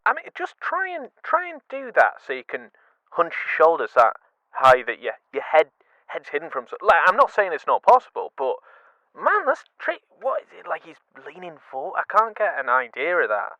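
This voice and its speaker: A man's voice: fairly high pitch, moderate pace, no room sound. A man giving casual comic commentary, stumbling over words and poking fun at himself. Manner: stumbling, animated, self-deprecating. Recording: dull dry lo-fi sound.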